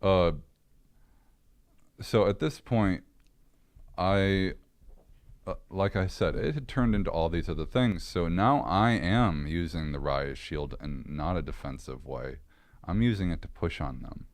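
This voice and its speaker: Very deep-voiced man telling his story. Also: lively intonation, unhurried, no echo. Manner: earnest, candid storytelling with frequent restarts. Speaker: podcast guest. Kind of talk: personal story in casual interview.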